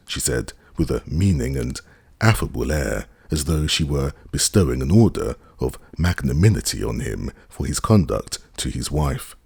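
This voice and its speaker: Male audiobook narrator, extremely low, gravelly voice, husky, lively intonation. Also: normal speed, no room sound, clean studio sound. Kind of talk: scripted narration.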